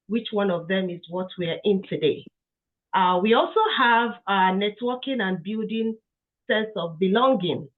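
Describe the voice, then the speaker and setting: Female founder, unwell, welcoming online talk, thin phone-line sound, average pitch. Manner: warm, inviting, with frequent fillers. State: under the weather. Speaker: community founder and speaker. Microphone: video call. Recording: tinny phone-like call audio.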